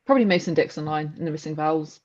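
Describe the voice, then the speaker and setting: A woman's voice: low-pitched, very fast, darkish tone. Tentative woman on a dull line. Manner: tentative, stumbling. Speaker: quiz contestant guest. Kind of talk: casual chat. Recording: dull lo-fi sound.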